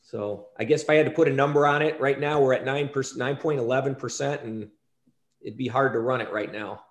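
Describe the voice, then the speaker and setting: Halting man in an echoey meeting room. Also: mid-range voice, steady tone. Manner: halting, restarts sentences, repeats words. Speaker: school superintendent. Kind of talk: report at a school board meeting.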